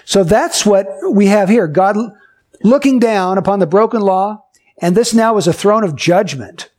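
Man, preacher, sermon, high voice, explanatory, emphatic on key words, everyday illustrations. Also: darkish tone. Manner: explanatory, uses everyday stories to illustrate doctrine; emphatic, with slow stressed key phrases.

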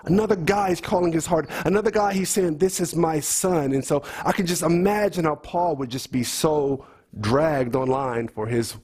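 A man's voice: a little high, moderate pace, darkish tone, slightly rough. A man giving a conversational Bible teaching in an earnest way, repeating key phrases and quizzing his listeners.

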